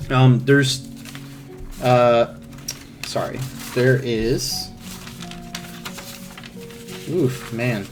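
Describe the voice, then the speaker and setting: A man narrating as game master, rambling and halting, with many fillers and restarts. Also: medium pitch, steady tone, faint music behind.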